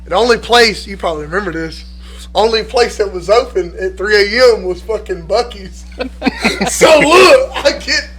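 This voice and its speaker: Animated high-voiced man. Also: normal speed, slight background noise. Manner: animated, profane storytelling. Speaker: podcast participant telling stories. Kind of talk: casual chat.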